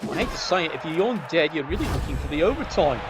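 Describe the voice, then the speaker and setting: A man's voice: fairly high pitch, very animated, fast, noisy background. A man giving cheeky, sardonic commentary on a tabletop game match.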